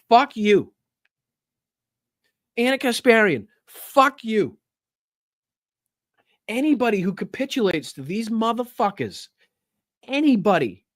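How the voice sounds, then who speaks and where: A man with a high voice hosts a political commentary livestream, recorded in studio quality with no room sound. He rants angrily and heatedly, swearing constantly and stammering as he restarts his sentences.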